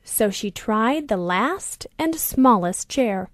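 Slow-reading female storyteller. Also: a little high, lively intonation, no echo, studio quality. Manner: slow, deliberate reading for children.

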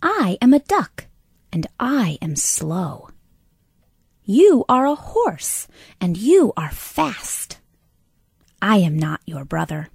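A woman voicing a slow, calm duck in a children's storybook, speaking in a gentle, high, breathy voice. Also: dry recording, clean studio sound, exaggerated voice. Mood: patient.

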